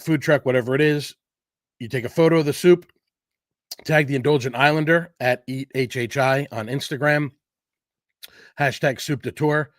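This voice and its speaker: A man hosts a casual food livestream in a chatty, upbeat way. He rambles a little between items, with plenty of fillers. His voice sits in an ordinary middle pitch, and the recording is dry and close with no room sound. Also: dry recording. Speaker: host of a local food show. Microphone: livestream setup.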